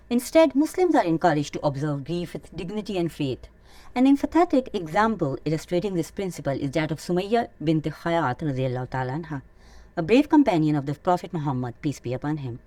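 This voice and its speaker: A woman hosting an Islamic teaching channel, reading a scripted lesson in an earnest, measured way. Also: fairly low pitch, dark tone, no room sound. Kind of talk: scripted religious teaching narration.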